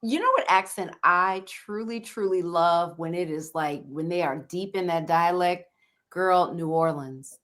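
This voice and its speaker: A woman's voice: lowish voice, unhurried, a bit bright. A woman co-hosting a podcast, teasing and bantering playfully in casual chat. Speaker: podcast co-host.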